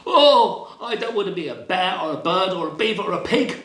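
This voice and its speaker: A restless little bunny who frets and complains about each new home, as a storyteller puts him on. The voice sits high and swoops about. There is a noticeable echo of the room around it. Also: male voice, big pitch swings, a little fast, a bit bright. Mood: complaining. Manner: complaining, fretful. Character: fussy, restless young male bunny.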